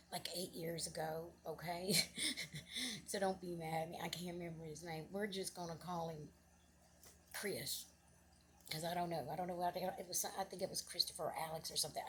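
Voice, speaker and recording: A woman's voice: on the low side, fairly even intonation, normal speed, a bit bright, slight background noise. A middle-aged woman casually telling a personal story. She rambles, restarts often, and her voice rises with feeling. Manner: rambling, with many restarts and asides; earnest and emotional, voice rising when moved.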